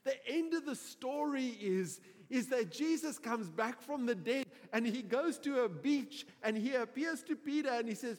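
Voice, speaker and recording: A man preaching a sermon, telling stories in an animated, humorous way. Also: very high-pitched, moderate pace, few pauses. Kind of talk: sermon storytelling. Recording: reverberant hall.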